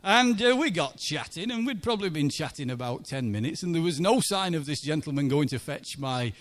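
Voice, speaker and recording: A man's voice: on the high side, lively intonation, fairly quick. A church minister telling a chatty story in a sermon and asking his listeners for agreement. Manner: chatty, anecdotal, asks the congregation for agreement.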